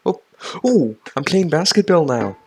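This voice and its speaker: A man's voice: fairly high pitch, big pitch swings, measured pace, darkish tone, breathy edge. A man giving casual gameplay commentary, playful and joking, with sudden exclamations. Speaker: gaming YouTuber.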